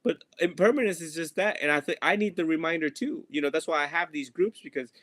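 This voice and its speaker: A man's voice: on the high side, fast talker, a bit bright, no echo. Casual monk guy teaching his group, jokey, acts out his students, dry close voice. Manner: playful, laughs often, mimics students. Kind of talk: casual dharma talk. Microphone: video or phone call.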